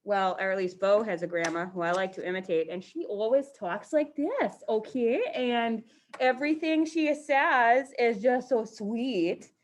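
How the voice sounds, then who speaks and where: A woman's voice: a little high, unhurried, a little hiss or hum. A woman teaching a math class to students in the room and online, playful and teasing with mock-dramatic outbursts.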